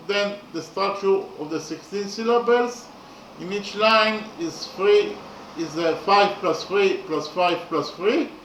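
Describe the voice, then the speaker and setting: High-voiced guy, explaining verse meter slow and halting, roomy echo, mic a bit far off. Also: fairly bright tone, a little hiss or hum. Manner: halting, repeats words with many fillers. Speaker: lecturer.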